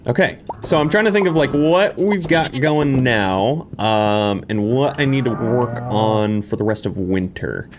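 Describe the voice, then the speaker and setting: A man's voice: mid-range voice, measured pace, few pauses, background noise. A man giving live let's-play commentary, playful and full of silly sound-effect noises while he chats to the game characters. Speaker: gaming video creator. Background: game background music.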